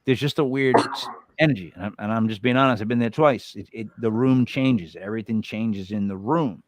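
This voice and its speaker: A man's voice: fairly low pitch, brisk, no echo, low-quality recording. An American man hosting a podcast, chatting casually in a blunt, joking way and swearing freely. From United States. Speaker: podcast host.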